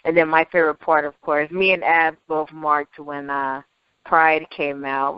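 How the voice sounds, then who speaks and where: A woman chatting casually as a podcast co-host, excitable and gushing, laughing often. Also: deep voice, unhurried, clean tone, dry recording. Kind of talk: casual chat. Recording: dry lo-fi recording.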